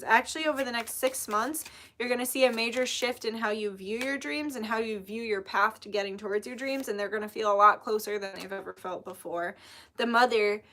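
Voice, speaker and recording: Chatty bright-voiced woman reading tarot. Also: mid-range voice, a little hiss or hum. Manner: chatty, lots of filler "like", spiritual talk. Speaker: tarot reader. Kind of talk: casual tarot reading monologue.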